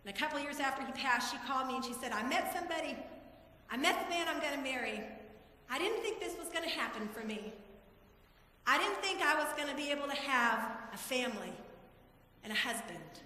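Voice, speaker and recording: A woman in her forties, a pastor, preaches a heartfelt sermon in a church sanctuary, sharing personal stories with emotion. Her high voice is animated, a little fast, pushed and bright, and the recording has the echo of a church hall.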